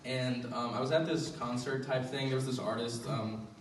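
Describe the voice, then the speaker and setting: A man's voice: mid-range voice, fairly even intonation, normal speed, slight background noise. A young man doing a stand-up comedy set in a small live venue, rambling and self-deprecating, with lots of fillers. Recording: roomy venue, recorded from a distance.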